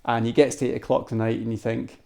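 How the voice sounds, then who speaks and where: Gravelly Scottish man telling a story. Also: mid-range voice, fast. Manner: animated, laughing storyteller with frequent restarts. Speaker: podcast guest. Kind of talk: casual storytelling. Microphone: cheap microphone.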